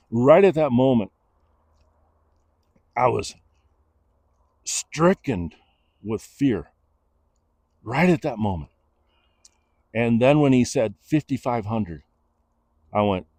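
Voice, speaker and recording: A middle-aged man, telling a personal story in a casual, animated way and acting out the voices of the people he quotes. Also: on the low side, no echo. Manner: animated, acts out quoted dialogue.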